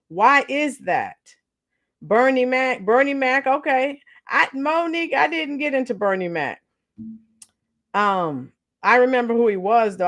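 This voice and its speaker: A woman hosting a live stream, chatting casually, laughing often and reacting to viewer comments. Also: mid-range voice. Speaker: channel host reading live chat.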